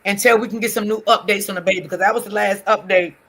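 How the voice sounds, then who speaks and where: A woman's voice: medium pitch, fairly even intonation, fast talker, a bit bright. A woman hosting a casual livestream, chatting to her viewers in a repetitive, talkative way. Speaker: livestream host.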